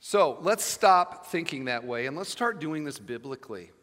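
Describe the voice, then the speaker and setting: Bright-voiced male pastor preaching in a hall. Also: fairly high pitch, animated, normal speed. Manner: storytelling, emphatic, humorous asides. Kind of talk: sermon. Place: church sanctuary with live audience.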